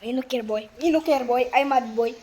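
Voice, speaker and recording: A woman giving casual, slangy commentary while playing an online game, excitable and quick to rant. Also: on the high side. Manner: slangy, keeps saying bro.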